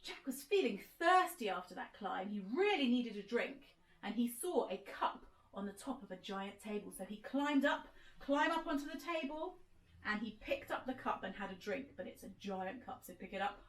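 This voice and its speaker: A woman telling an interactive children's sensory story, gently encouraging listeners to act it out. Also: medium pitch, animated, moderate pace, reverberant, poor audio. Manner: gentle, encouraging, directs listeners to move along.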